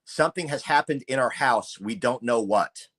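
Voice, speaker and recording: A middle-aged man co-hosts a true-crime podcast, laying out his views in a measured, deliberate way. His voice sits at an ordinary middle pitch. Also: animated, a bit bright. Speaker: podcast co-host.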